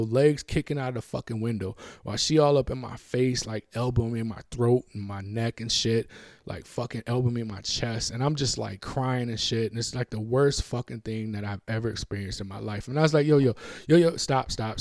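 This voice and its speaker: Male storyteller, gravelly, dry close mic, profane and animated. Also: mid-range voice, a little fast, no room sound. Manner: profane, animated retelling with acted-out dialogue. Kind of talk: casual storytelling.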